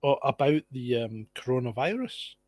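A man's voice: medium pitch, lively intonation, normal speed, darkish tone, no room sound. A Scottish man chatting casually over a video call, laid-back and wry, swearing now and then. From Scotland. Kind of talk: casual online chat.

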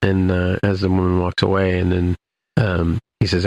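Deep-voiced guy with a gravelly edge, chatting casually, rambly and full of um and uh. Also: completely flat delivery, moderate pace, darkish tone. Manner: rambling, many fillers and restarts. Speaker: podcast host recapping an episode. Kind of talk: casual chat.

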